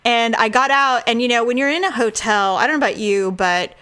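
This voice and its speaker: A woman's voice: a little high, brisk, smooth. A woman co-hosting a podcast, telling a story in casual chat, acting out quotes and laughing often. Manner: animated, acts out quotes with voices, laughs often. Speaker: podcast co-host.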